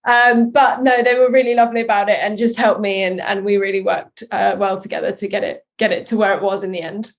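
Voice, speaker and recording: A woman's voice: mid-range voice, steady tone, brisk, few pauses. A young adult woman, an actress guest, chatting through interview answers with ums and self-deprecating laughs. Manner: chatty, laughs at herself, many ums and likes.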